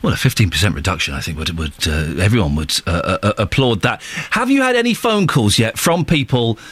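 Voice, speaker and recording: A man's voice: fairly low pitch, brisk, slightly rough, no room sound. A man hosting a radio show in a studio, chatting in a jokey, teasing way with guests and his co-presenter. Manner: jokey, teasing, lively banter. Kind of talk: casual radio chat. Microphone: studio microphone.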